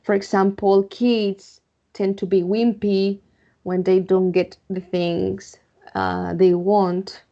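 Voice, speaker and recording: A woman from Spain with a Spanish accent, teaching English vocabulary online, repeating words slowly and checking in with "okay?". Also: medium pitch, little pitch movement, creaky, lo-fi sound. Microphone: computer mic.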